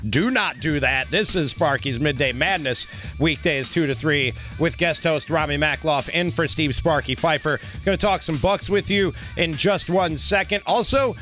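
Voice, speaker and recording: A man guest-hosting a sports talk radio show, loud and playful, talking fast and now and then singing his lines. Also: sits high. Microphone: studio microphone.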